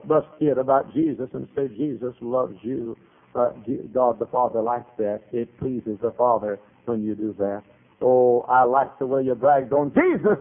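A man preaching a sermon as pastor, animated, dropping to quiet asides and rising to shouted retellings. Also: medium pitch, normal speed. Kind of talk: revival-style sermon. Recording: tinny phone-like old sermon recording.

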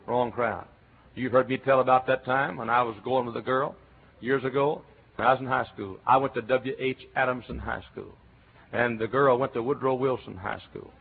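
An older man with a Texan accent preaching a sermon, telling folksy stories and breaking into loud shouts. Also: mid-range voice, vocal fry. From Texas. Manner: folksy storytelling, bursts into loud cheers and shouts. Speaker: Baptist pastor. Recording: tinny lo-fi sermon recording with faint hiss.

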